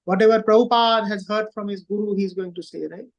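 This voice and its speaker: Emphatic high-voiced man teaching scripture. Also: fairly even intonation, fast talker, highs cut off. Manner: emphatic, repeats phrases for stress, asks rhetorical questions. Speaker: lecturer on scripture. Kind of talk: devotional scripture class.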